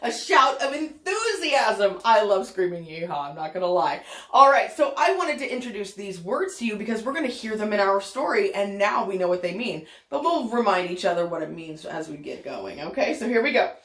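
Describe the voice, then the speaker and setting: A woman reading a picture book aloud to children, animated and stopping often to ask her young listeners questions. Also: medium pitch, fairly quick. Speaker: children's storyteller. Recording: echoey room.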